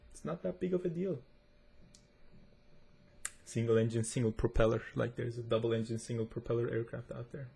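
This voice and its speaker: Accented guy chatting away over gameplay, kinda gravelly voice, mid pitch. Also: steady tone, brisk, darkish tone. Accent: non-native accent, self-described. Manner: chatty and rambling, talking to viewers as he plays. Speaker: gaming tech reviewer. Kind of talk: casual gameplay commentary.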